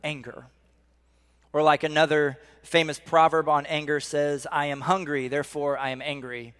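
Animated middle-aged male pastor preaching. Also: a little high, moderate pace, smooth. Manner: animated storytelling, drops to a soft hush for emphasis. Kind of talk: sermon.

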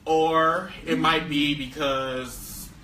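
A man's voice: on the high side, fairly even intonation, drawn-out words, sharp tone, distant mic, a little hiss or hum. A man co-hosting a podcast in casual chat, teasing and joking crudely. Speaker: podcast co-host. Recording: roomy sound from off-mic.

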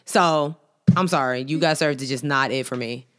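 Low-voiced woman in animated casual chat. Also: normal speed. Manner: emphatic, animated, playful debating.

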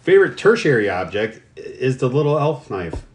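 A man's voice: medium pitch, big pitch swings, moderate pace. A man co-hosting a podcast in casual chat, hesitant, with many fillers and restarts. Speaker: podcast co-host.

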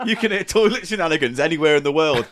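A man's voice: on the high side, lively intonation, fast, a bit bright, slight background noise. A man co-hosting a comedy podcast, sweary and mock-exasperated in playful banter. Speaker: podcast co-host.

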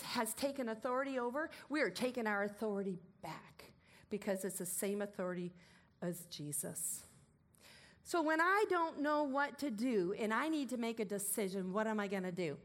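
A woman preaching a sermon, emphatic and commanding, moving between loud declarations and softer asides. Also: a little high, lively intonation, normal speed.

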